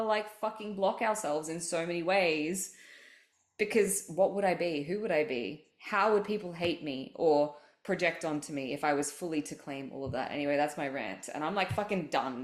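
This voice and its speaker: A woman hosts a casual spiritual podcast, speaking low and frank. She swears freely and tells stories with animation. Her voice carries a roomy echo. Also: normal speed. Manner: candid, profane, animated storytelling. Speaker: podcast host.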